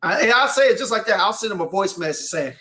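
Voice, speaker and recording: High-voiced guy chatting on a podcast, loose and rambling, keeps checking in. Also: expressive, fast talker, bright, forceful tone. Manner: loose, repeats "you know what I'm saying". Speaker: co-host. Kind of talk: casual chat.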